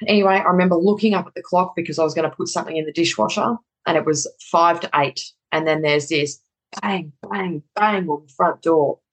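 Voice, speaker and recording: A woman's voice: on the low side, a little fast, poor audio. A middle-aged woman telling a personal story in conversation, candid and casually swearing, acting out the dialogue.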